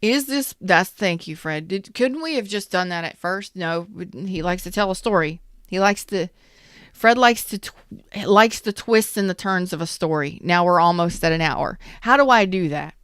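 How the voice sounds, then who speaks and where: Smooth-voiced woman giving a tarot reading. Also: lowish voice, expressive, normal speed, a bit bright, dry recording, clean studio sound. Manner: chatty, repeats questions, frequent restarts. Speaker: tarot reader. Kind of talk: casual spoken tarot reading.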